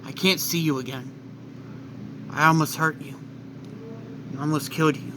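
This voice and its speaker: A man's voice: fairly high pitch, steady tone, moderate pace, background noise, natural voice. A man voicing an earnest male hero who speaks with remorse. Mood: remorseful.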